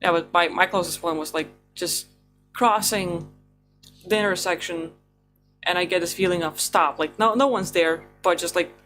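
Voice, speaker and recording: Female host, relaxed casual chat, guitar music underneath. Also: on the low side, normal speed. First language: Lithuanian.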